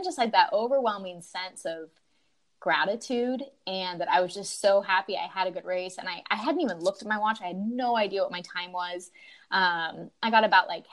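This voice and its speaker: A marathon runner from Utah, USA, guests on a podcast and tells the story of a race in a conversational interview. She sounds animated and grateful, filling her speech with "like" and "um," and her voice sits on the low side.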